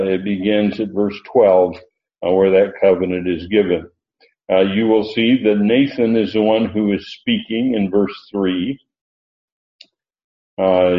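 A man teaching a Bible lesson, reading verses slowly and stressing key words, with frequent "uh" pauses. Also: on the low side. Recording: roomy lo-fi recording.

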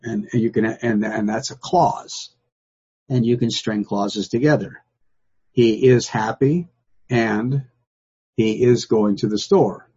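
An older man teaches a Bible study in a relaxed, folksy way, leaning hard on single words and saying them again to make a point. His voice is deeply husky and mellow, and the recording has a dull, lo-fi sound. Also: slow pace. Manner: folksy and emphatic, repeats key words. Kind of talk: informal Bible study lesson.

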